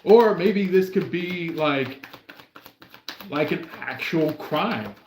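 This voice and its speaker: A man's voice: a little high, expressive, takes it slowly, reverberant, slight background noise. Rambling man hosting a live tarot stream. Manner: meandering, full of fillers and restarts.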